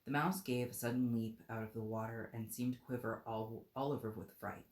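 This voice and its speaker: A woman reading a children's book aloud on a live stream, with unhurried, self-deprecating asides to chat. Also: very deep voice, fairly even intonation, a little mellow. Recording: roomy echo.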